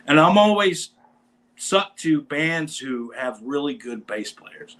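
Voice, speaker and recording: A man hosting a casual show, telling a rambling, animated anecdote about meeting a band. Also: on the high side, takes it slowly, a little hiss or hum, poor audio. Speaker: podcast host; bass player in a metal band. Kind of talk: casual storytelling chat.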